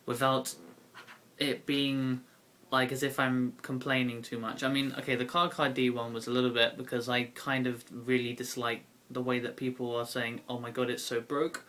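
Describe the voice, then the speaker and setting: Young British male vlogger, bright tone, loose and chatty with lots of fillers. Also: medium pitch, monotone, moderate pace. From Britain. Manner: rambling, many fillers and self-corrections. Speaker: YouTube card game vlogger. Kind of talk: casual talking-to-camera vlog.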